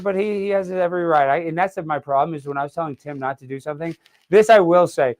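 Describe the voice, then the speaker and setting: Guy hosting his show, kinda high voice, loud jokey rambling, yells out of nowhere. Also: fast. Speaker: show host. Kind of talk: casual interview chat. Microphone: video call setup.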